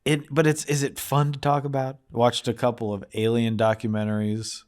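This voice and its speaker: Animated male podcast co-host. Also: mid-range voice, moderate pace. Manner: animated storyteller, acts out movie scenes in mock voices. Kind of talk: casual comedy chat.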